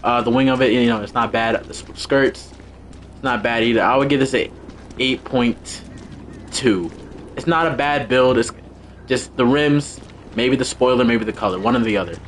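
Excitable young man hosting a game stream. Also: medium pitch, a little hiss or hum. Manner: excitable, repeats short commands, quick laughs. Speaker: livestream host running a car meet. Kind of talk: casual live game commentary.

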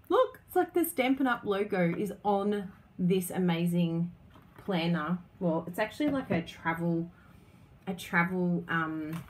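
A woman's voice: lowish voice, slight background noise. A woman hosting a casual live stream, bubbly and chatty, laughing often as she talks to viewers. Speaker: craft business host.

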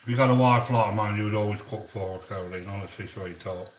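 A man's voice: lowish voice, quick pace, distant mic, slight background noise. A man giving a casual cooking demonstration in a home kitchen, chatty, with rambling asides between his instructions. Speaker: home cook. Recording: roomy echo, voice from off-mic.

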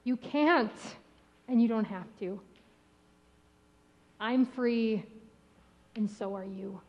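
A woman pastor giving a sermon with a gentle, rhythmic delivery. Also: a little high, drawn-out words, highs cut off. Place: church sanctuary.

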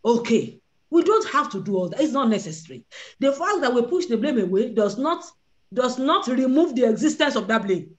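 Woman preaching in a high, animated voice. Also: normal speed. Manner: animated, acts out the voices of Bible figures. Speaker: prayer leader. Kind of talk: sermon on a prayer line.

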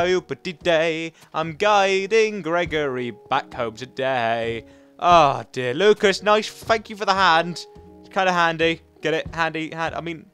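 A young man hosting a game playthrough, chatty and rambling, often restarting sentences and cheering on the game character. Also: high-pitched. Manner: chatty and rambling, with frequent self-corrections; excitable, coaxing the game character aloud. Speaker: gaming channel host. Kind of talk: let's play commentary.

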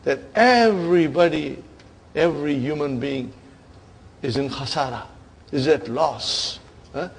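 A man's voice: on the high side, a little slow, creaky, pauses often, slight background noise. A man teaching grammar in a classroom lecture, emphatic and often checking in with his listeners.

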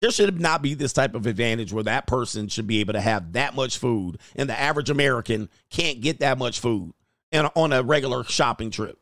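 A man's voice: mid-range voice, lively intonation, a little fast, a bit bright, no room sound, clean studio sound. A man hosting a livestream, riffing and ranting in slangy casual reaction commentary and laughing often. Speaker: livestream host.

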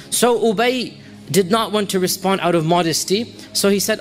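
A man's voice: high voice, normal speed, soft background music. A man giving a religious lecture in a storytelling manner, quoting the people in his tale and reciting passages in Arabic. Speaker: Islamic preacher.

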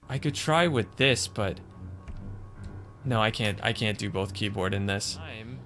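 Exasperated man playing a game, slow talk. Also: on the low side, music in the background. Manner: frustrated, exasperated, muttering complaints. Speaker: gaming channel host. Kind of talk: let's play commentary.

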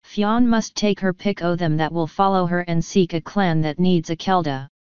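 Woman as old voiced clan mother, stern, slow, dull lo-fi sound. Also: lowish voice, darkish tone, clean tone, no room sound, lightly acted. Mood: commanding. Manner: slow, commanding, canny. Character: ancient tiny Scottish-voiced fairy clan mother, stern.

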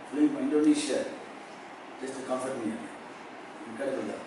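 A man speaking at a youth retreat, telling a personal story with animated delivery and acting out the dialogue. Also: a little high. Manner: animated, acts out dialogue with rising intensity. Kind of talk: emotional personal storytelling talk. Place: large indoor retreat hall. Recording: very echoey hall, mic far off, faint noise.

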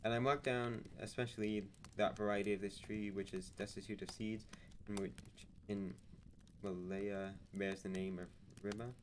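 Brief: male narrator, lowish voice, steady audiobook-style reading, faint hiss behind. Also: moderate pace, rough recording. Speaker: streamer reading a novel aloud.

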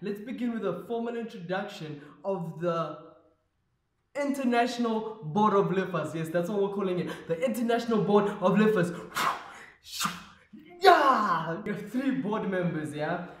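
A young man from South Africa hosting his vlog in an energetic, playful way. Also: sits high, moderate pace. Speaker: vlogger. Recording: echoey room.

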